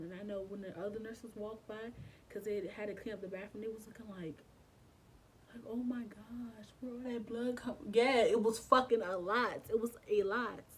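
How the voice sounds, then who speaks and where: Young woman, storytime vlog, emotional, swearing, slangy, faint background rumble. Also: low-quality recording. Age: young adult. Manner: emotional, swearing, slangy, acts out her past reactions. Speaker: vlogger.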